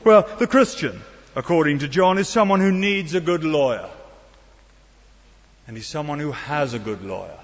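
A man's voice: fairly high pitch, animated, brisk. Preacher man in a reverberant hall. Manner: earnest, rhetorical questions, wry asides. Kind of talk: sermon. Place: church. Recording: dull sound in a long-reverb hall.

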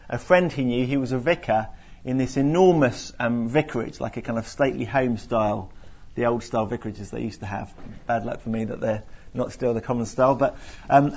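Earnest and explanatory, a man teaches a group from the Bible, stumbling over restarts and fillers. His husky voice has a medium pitch and a darkish tone, and the recording sounds dull and lo-fi.

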